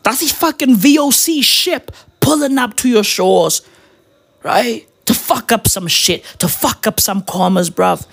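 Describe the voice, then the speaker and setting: A woman's voice: on the high side, measured pace, creaky, husky. A young woman from Africa, delivering a profane comedic rant that keeps tossing in "right?". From South Africa.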